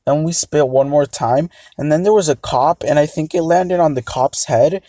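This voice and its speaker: A man's voice: fairly high pitch, normal speed, dark tone, dry recording. Rambling young guy telling a story. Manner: rambling, hesitant, many fillers. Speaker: vlogger. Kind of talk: casual storytime.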